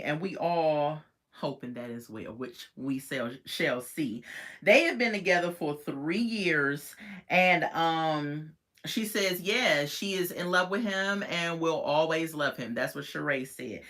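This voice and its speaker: A woman chatting casually as she recaps a reality TV episode, slangy and animated, laughing often. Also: low voice, a little slow. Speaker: TV show reviewer.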